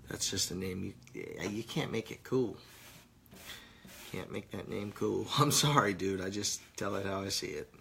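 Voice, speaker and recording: Host: stoned male vlogger, gravelly low voice, crude rambling jokes, faint room noise. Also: expressive, measured pace, pauses often, a bit bright. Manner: crude, rambling, joking, laid-back. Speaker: vlogger reading live comments. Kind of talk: casual live-stream chat.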